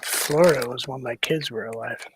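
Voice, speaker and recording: A man's voice: medium pitch, normal speed, heavy background noise. A man in his fifties co-hosting a casual chat over a video call, talking in a dry, teasing way. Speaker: co-host.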